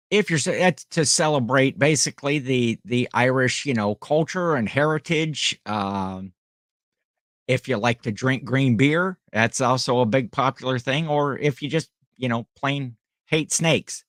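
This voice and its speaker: A man's voice: medium pitch, a bit bright, no echo. Dry-sounding man chatting on a livestream. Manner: rambling, friendly, chatty with viewers. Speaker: livestream host and online reseller. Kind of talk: casual livestream chat.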